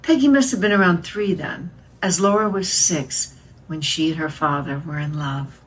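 A woman reading a literary novel aloud in a measured storytelling manner. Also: low voice, distant mic, low-quality recording. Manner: measured storytelling, voicing characters' lines. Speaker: reader.

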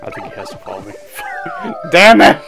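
A man's voice: mid-range voice, sing-song, vocal fry, loud music behind the voice. A man casually commenting on his gameplay, crude and joking. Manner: joking, crude, quick to laugh. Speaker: let's play host.

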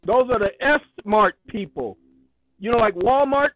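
A man's voice: high-pitched, expressive, normal speed, dry recording. A man hosting his own video, talking casually and emphatically as he reads out parts of a court ruling. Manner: emphatic, repetitive, preachy. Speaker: online video host. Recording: tinny phone-like sound.

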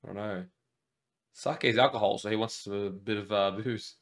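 A man co-hosting a movie reaction, chatting casually and breaking into excited exclamations. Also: fairly low pitch, moderate pace.

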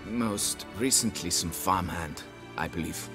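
An actor with a deep voice and measured pace plays a pompous, haughty nobleman who owns a vineyard and demands deference while hiring a monster hunter. It's game audio with music playing underneath.

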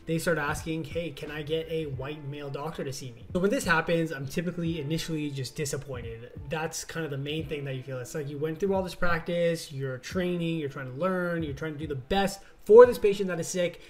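A man's voice: on the high side, a little fast, hardly any pauses. Earnest young male doctor vlogging. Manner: earnest, explanatory, rising emphasis. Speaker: doctor and channel host. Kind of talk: casual talking-to-camera vlog.

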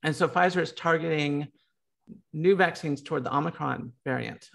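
Gravelly American man, filler-heavy talk. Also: on the high side, moderate pace, fairly bright tone. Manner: lots of filler words and restarts. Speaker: panelist. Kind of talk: casual panel discussion.

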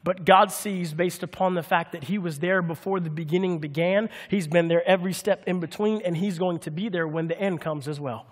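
Male pastor, high voice, playful sermon with call-and-response, long hall reverb. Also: brisk, few pauses. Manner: lively, humorous, calls out to the congregation for answers.

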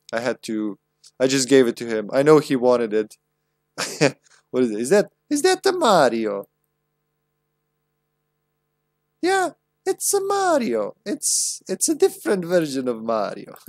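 A man's voice: mid-range voice, no echo, studio quality. Chatty, laughing young man streaming a game. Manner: chatty, profane, laughs often. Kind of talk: casual live-stream gameplay commentary.

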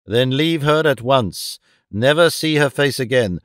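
A man voicing a stately, commanding middle-aged fortune-teller queen in an audiobook, speaking slowly and gravely. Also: medium pitch, expressive, a bit bright, dry recording, clean studio sound. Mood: stern, ominous. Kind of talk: audiobook reading.

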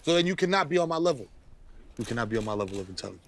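A man's voice: fairly even intonation, slight background noise, close to an everyday voice. A man doing a smug conspiracy-theorist ballplayer. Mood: ranting. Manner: mock-lofty, deliberately lowering his voice to sound smart. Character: smug, conspiracy-minded male pro basketball star. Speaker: comedy show host. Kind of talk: comedy sketch impression.

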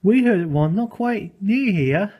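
A man's voice: high-pitched, expressive, takes it slowly, husky, lo-fi sound, heavily acted. A man doing a wry old engine. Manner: firm, wry. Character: old wise engine, teasing and firm.

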